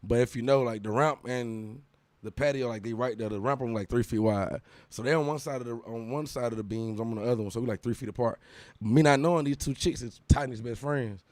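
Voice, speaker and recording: A young man, a guest musician, telling an animated story in a casual interview, full of profane street slang. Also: mid-range voice, quick pace, no room sound.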